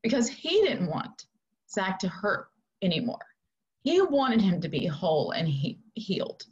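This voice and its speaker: A middle-aged woman telling a personal faith story in an earnest, halting way, full of fillers, as a podcast guest. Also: medium pitch, sing-song, darkish tone, breathy edge, lo-fi sound. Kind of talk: emotional personal testimony.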